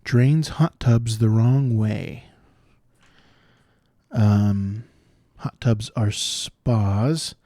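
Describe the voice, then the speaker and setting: A man solving cryptic crossword clues out loud, thinking through each one and explaining the wordplay as he goes. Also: on the low side, extremely slow, long pauses, no room sound, studio quality. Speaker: puzzle solver.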